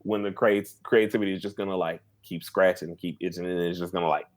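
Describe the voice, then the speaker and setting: A man's voice: sits low, fairly even intonation, quick pace. A man co-hosting a podcast in casual chat, rambling with lots of fillers and restarts. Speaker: podcast co-host.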